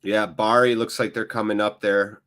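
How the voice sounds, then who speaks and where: This American watchalong host sounds emotionally worn out as he chats in a rambling, casual way directly to viewers of a live football game. His fairly low voice is clear and resonant, with a fairly bright tone, a flat delivery, and a moderate pace.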